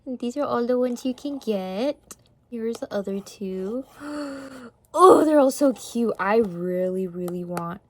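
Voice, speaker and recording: A young woman chatting casually in an unboxing vlog, gasping and gushing excitedly. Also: on the high side, slight background noise. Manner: gushing, gasping, excited over cute toys. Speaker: vlogger.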